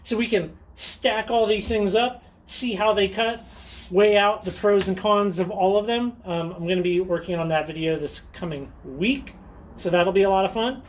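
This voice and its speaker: Hosting a rockhounding show-and-tell vlog, this man talks at a normal speed in a voice that sits high. He comes across as chatty and enthusiastic, sprinkling in lots of ums and small laughs.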